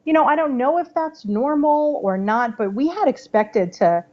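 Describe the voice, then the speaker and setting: A woman in her thirties, a podcast guest telling a personal story in a chatty, animated way, full of "like" and "you know". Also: high-pitched, normal speed. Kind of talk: casual storytelling interview. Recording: slightly dull podcast audio.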